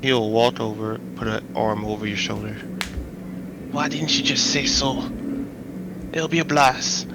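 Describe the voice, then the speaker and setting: A man's voice: mid-range voice, steady tone, unhurried, creaky, pauses often. A man playing in a tabletop game, talking in a hearty, boisterous way. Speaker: player. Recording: noticeable background noise.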